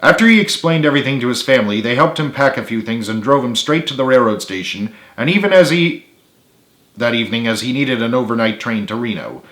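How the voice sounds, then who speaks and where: A man, the author, narrating his own book in a steady read-aloud. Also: medium pitch, brisk, echoey room.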